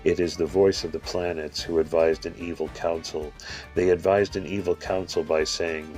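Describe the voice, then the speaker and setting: A man reading a religious text aloud in a steady, measured recitation, with the odd slip. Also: low-pitched, faint music behind. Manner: steady, measured recitation with occasional filler slips. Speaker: scripture reader.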